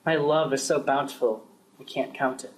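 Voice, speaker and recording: A man's voice: fairly even intonation, moderate pace, rough recording. Young man acting out a radio play. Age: young adult. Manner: plays several parts, shifting pitch between characters. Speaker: student performing a class drama.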